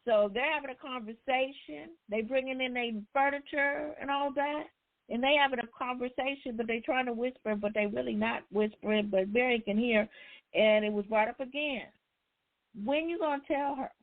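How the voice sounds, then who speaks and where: A woman's voice: a little high, moderate pace. A woman hosting a book discussion, casually retelling a story in with loose, conversational phrasing. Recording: tinny phone line.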